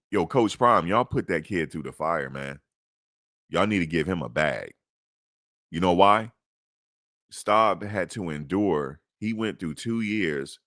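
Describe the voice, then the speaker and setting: Deep-voiced blunt sports host, man. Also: no echo, clean studio sound. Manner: preachy and blunt, swears, swings to high excited pitch. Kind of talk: emphatic sports talk monologue.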